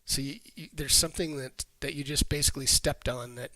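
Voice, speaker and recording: A man running a tabletop game as game master, narrating scenes in a halting way that repeats words. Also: medium pitch, steady tone, bright, forceful tone, no room sound.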